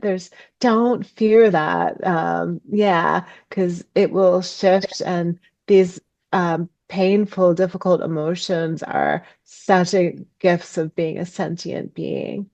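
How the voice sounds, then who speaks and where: A woman speaking as a podcast guest on ecopsychology, reflective and halting, with many ums as she searches for words. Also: fairly low pitch, creaky, a little mellow, no room sound, highs cut off. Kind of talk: reflective interview conversation.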